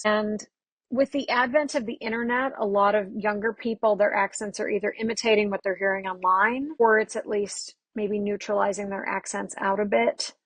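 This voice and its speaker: A woman dialect coach from Texas, chatting as a podcast guest and telling stories with quick, animated asides. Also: medium pitch, no echo. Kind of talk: casual podcast interview.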